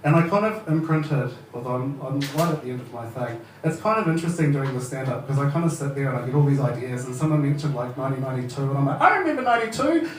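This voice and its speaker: Man, New Zealand accent, thirties, stand-up comedy, laughs a lot, swears, boomy room. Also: steady tone, fast, few pauses, slight background noise. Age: 30s. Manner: casual, sweary, laughing at his own jokes. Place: open mic comedy venue. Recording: echoey room, heard from far off.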